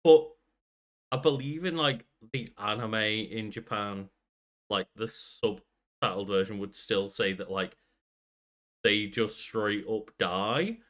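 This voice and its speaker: Casting: young man, bright, tense tone, laid-back podcast co-host. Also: lowish voice, slow pace. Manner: musing, laid-back, trailing sentences. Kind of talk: casual chat.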